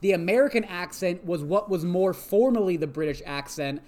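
A podcast co-host recapping a TV episode in casual chat, animated and rambling, swearing freely. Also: mid-range voice, normal speed.

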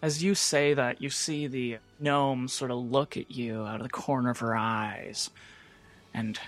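A woman narrating a tabletop game as game master in a measured, descriptive way. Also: rumbling low, steady tone.

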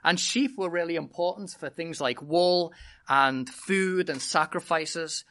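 A preacher with a British accent, opening a sermon with a humorous, animated personal story before teaching the congregation. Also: medium pitch, unhurried. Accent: British English. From Britain.

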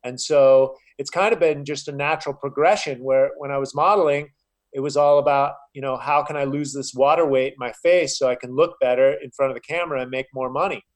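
A man in a casual interview, sounding earnest and a bit preachy as he talks. His pitch sits in a middling range, and "you know" keeps turning up between his thoughts. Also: fairly even intonation, brisk. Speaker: podcast guest, health coach.

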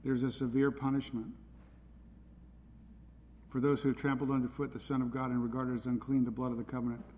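A man with a mellow, medium-pitched voice preaches in a church hall, pleading urgently with his listeners. He talks fairly quickly in a flat manner, pausing often, and the recording has hall reverb with faint ambient noise.

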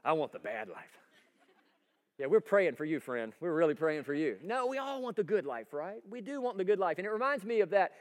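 A high-voiced man preaches from a church sanctuary. He talks in a folksy, energetic way and keeps asking the congregation whether they agree. His voice carries a long hall reverb. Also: fast talker, few pauses. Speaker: pastor. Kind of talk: sermon.

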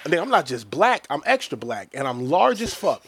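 A man co-hosting a podcast, telling a story in profane, animated casual chat. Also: on the high side, a little fast, slight background noise. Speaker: podcast co-host.

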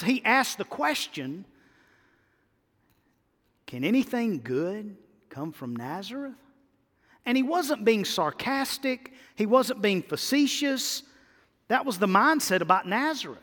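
A man gives a sermon as pastor, forceful in delivery and returning repeatedly to his central lines. The voice sits high with a fairly bright tone, trailed by long reverb.

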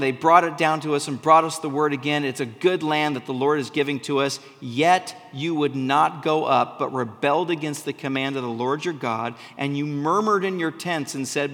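A man's voice: a little high, a bit bright. A man giving a sermon, reading scripture aloud and explaining it in casual, conversational asides. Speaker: preacher. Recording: long hall reverb.

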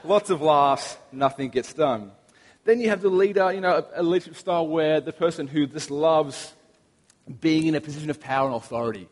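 Young Australian male preacher, slightly raised pitch, easygoing anecdotal delivery, long hall reverb. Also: a little fast. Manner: relaxed, anecdotal storytelling with humor. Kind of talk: sermon.

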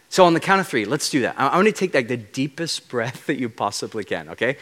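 A man preaching a sermon as a guest speaker, animated and playful as he unpacks Hebrew words. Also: mid-range voice, normal speed. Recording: long reverb of a large hall.

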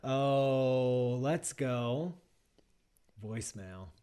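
A middle-aged man hosts a casual podcast, rambling through listener questions. His pitch sits in a middle range, and he breaks into teasing, excitable asides. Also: extremely slow, clear, resonant tone. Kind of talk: casual chat.

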